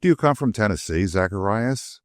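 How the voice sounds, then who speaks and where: A man voicing a young woman who asks gentle, earnest questions and bristles quickly. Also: lowish voice, expressive, no echo, clean studio sound, close to an everyday voice.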